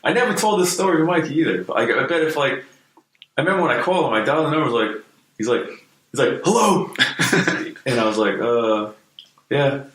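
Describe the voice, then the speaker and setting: A hardcore musician, interviewed about his music past, tells stories in a loose, laid-back way with plenty of fillers and swearing. He speaks at medium pitch, fairly quickly, with long pauses and a slightly bright tone. The room echoes and there is faint noise.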